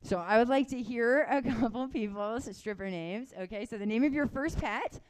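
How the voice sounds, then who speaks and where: A woman's voice: on the high side, normal speed. A young Canadian woman doing a casual, rambling stand-up set, chuckling at her own stories. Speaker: stand-up comedian.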